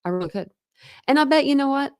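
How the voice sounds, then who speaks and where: A woman's voice: high-pitched, animated, quick pace, darkish tone, no room sound, studio quality. A woman hosting a true crime livestream, chatting casually with viewers, rambling and laughing often.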